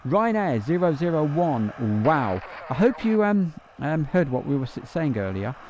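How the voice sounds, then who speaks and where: A man from the north of England hosting a live stream, chatting excitably with lots of fillers and laughs. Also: a little high, moderate pace, muffled recording, a little hiss or hum. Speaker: livestream host. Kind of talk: casual live chat reading viewer comments.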